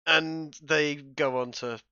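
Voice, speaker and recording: A man hosting a casual podcast chat, his voice bright and cleanly crisp. He rambles and restarts his sentences often. The sound is dry and a little muffled. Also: on the high side, steady tone, slow, no echo. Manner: rambling, stop-start with many restarts. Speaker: podcast host.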